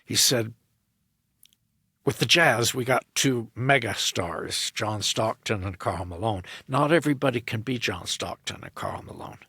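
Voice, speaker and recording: Gravelly low-voiced man telling a story. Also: unhurried, dry recording. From United States. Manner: animated anecdote, acting out both sides of a dialogue. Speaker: guest, opera director and tenor. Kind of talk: storytelling in a podcast interview.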